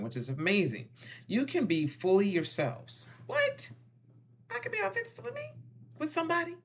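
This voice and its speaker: Relationship tips come from a wellness vlogger with a medium-pitched voice, delivered in a playful, animated style. She peppers her talk with slang and pet names like honey and darling, acting out quick scenarios.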